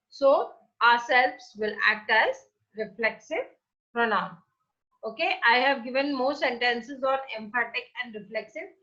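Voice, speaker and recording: A woman's voice: on the high side, bright, forceful tone, lo-fi sound. A woman teaching an online English class to children, patiently asking questions and then answering them herself. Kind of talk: recorded online class lesson.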